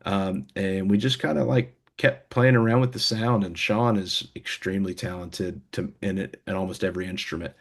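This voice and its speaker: Man, low voice, young adult, band member, casual interview chat, rambling with fillers. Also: steady tone, normal speed, hardly any pauses, slightly rough. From United States. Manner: rambling, many fillers and restarts.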